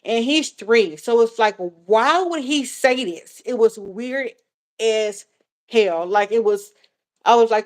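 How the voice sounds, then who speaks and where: Slow and on the high side, this woman's voice belongs to a vlogger in her thirties taking viewer questions in a casual live chat. She's frank and chatty, repeats herself, rambles, and uses plenty of fillers and swearing.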